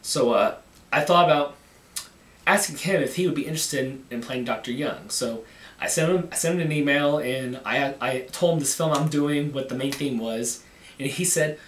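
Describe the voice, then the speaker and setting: Man, hobby filmmaker, halting casual talk, repeats himself, echoey room. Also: mid-range voice. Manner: halting, repeats words and restarts often. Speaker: amateur filmmaker. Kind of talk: casual behind-the-scenes talk. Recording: echoey room, mic at a distance.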